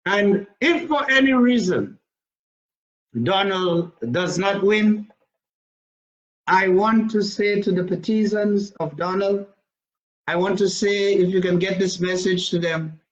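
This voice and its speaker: A man's voice: high voice, muffled recording. A man giving a rambling video monologue as a self-styled religious leader, crude and defiant in his talk.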